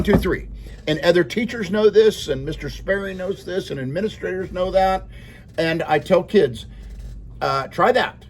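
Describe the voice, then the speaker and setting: Rambling, chuckling middle-aged male teacher. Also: a little high. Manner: rambling, chuckling, checks in with "okay?". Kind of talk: informal classroom talk.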